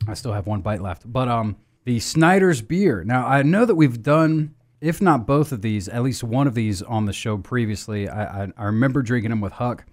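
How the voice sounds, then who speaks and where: A man hosting a beer podcast in casual chat, rambling with restarts and fillers and jumping up and down in pitch and loudness. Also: animated, normal speed, hardly any pauses.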